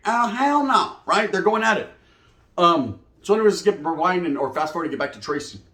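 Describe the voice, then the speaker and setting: A man telling prison stories in casual slang, animated, often acting out quoted voices. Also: fairly high pitch, fast. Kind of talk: casual storytelling monologue. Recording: echoey room.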